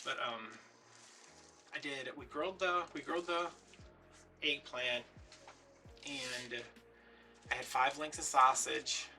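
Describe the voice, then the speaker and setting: A young man who hosts a craft video and tells a rambling story in casual chat, putting on higher voices for the people he quotes. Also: slow, pauses often, pushed and bright, distant mic, soft background music.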